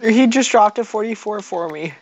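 A woman playing a game with a friend, chatting casually in excitable slang. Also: mid-range voice, moderate pace, dry recording, highs cut off. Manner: excitable, slangy, calls everyone bro. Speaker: fellow player. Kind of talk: casual gaming chat. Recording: electronic music playing behind.

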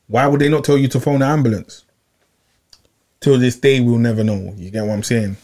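A young man, telling a long personal story in casual chat, animated and repeating himself, full of slang. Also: medium pitch, moderate pace. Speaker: podcast regular.

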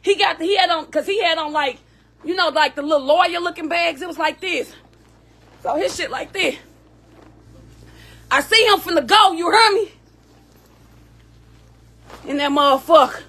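High bright-voiced woman storyteller. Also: normal speed, long pauses. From Southern United States. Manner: emphatic, keeps asking "you hear me?". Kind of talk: emotional personal story.

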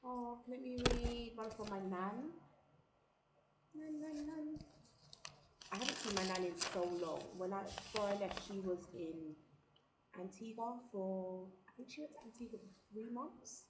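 A young woman from England chatting excitedly as she unpacks a parcel in a casual vlog, thinking aloud. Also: mid-range voice, moderate pace. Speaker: vlogger. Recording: echoey room, background noise.

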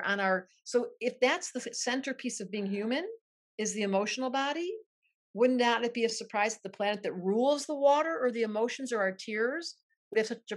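An older woman astrologer talking with excitable enthusiasm in an interview, often acting out little quoted voices. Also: fairly high pitch. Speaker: astrologer and guest.

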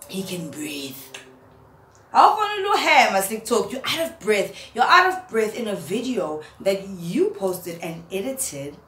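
A young woman, a vlogger, roasting someone in a mocking, animated rant to camera and laughing at her own jokes. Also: medium pitch, slow. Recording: roomy echo, faint background hum.

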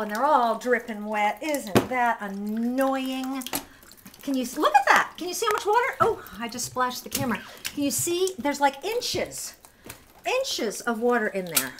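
Woman vlogger, fairly high, lively and self-deprecating, handheld camera in a bathroom, hissy sound. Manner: animated, exasperated, self-mocking. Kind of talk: casual home video. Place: apartment bathroom.

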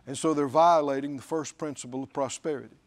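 A man's voice: fairly high pitch, steady tone, quick pace. A man preaching a sermon as pastor, emphatic, repeating phrases and quoting scripture.

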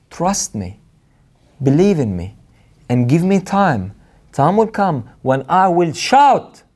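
Male preacher, slightly high voice, earnest and emphatic, leans on repetition. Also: a little mellow. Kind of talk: sermon.

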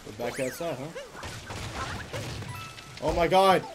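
A man commentating his own game playthrough, reacting loudly and excitedly to what happens on screen. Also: a little high, measured pace, background noise. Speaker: gaming YouTuber. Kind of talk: let's play commentary. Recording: game music playing behind the voice.

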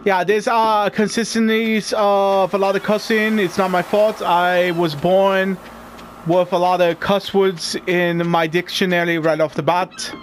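A man's voice: sits high, little pitch movement, a little slow, a little hiss or hum. A man doing casual, rambling game commentary who swears often and talks straight to his viewers. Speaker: gamer. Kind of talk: casual let's-play commentary.

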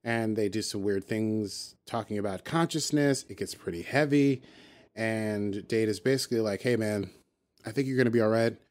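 A man casually recapping a TV episode for a podcast, loosely paraphrasing characters' lines in an animated, chatty way. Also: lowish voice, normal speed. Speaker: podcast host.

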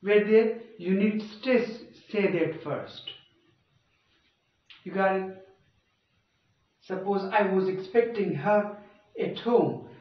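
A man giving a grammar lecture in a classroom, often stopping to check that listeners follow. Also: sits high. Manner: checks understanding with frequent rhetorical prompts. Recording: echoey, dull room sound from far off.

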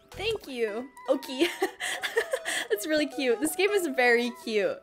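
Woman gamer, let's play commentary, giggly and playful, high, lively voice, game music underneath. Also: slow pace. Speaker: gaming channel host.

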